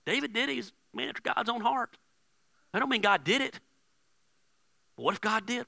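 Gravelly, bright-toned male pastor preaching. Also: high voice, very animated, moderate pace, long pauses, no room sound. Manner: casual, joking preacher, swings from hushed to loud. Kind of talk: sermon.

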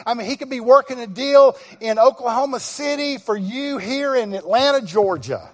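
A middle-aged man preaches in a fairly high voice, acting out conversations as he tells a story. He now and then breaks into shouts. His voice rings with the long reverb of a large church hall. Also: normal speed. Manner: animated storyteller, acts out dialogue, bursts into shouts. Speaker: guest pastor. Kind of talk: sermon storytelling. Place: church sanctuary.

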